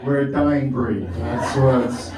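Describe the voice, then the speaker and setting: A man's voice: medium pitch, takes it slowly. A middle-aged man doing a rambling, self-mocking stand-up set, often laughing at his own jokes. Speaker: stand-up comedian. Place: comedy club stage. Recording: echoey club from far off with crowd.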